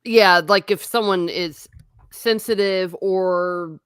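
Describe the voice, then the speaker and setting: A woman hosting a podcast, chatting casually with short, teasing interjections and quick laughs. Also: fairly low pitch, smooth, no room sound, studio quality. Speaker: podcast host. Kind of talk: casual chat.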